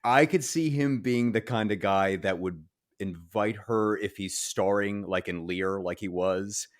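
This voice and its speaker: A man's voice: on the low side, unhurried. A man, an audio drama actor, answering an interview question about his character in an easygoing, amused way. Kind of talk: casual remote interview.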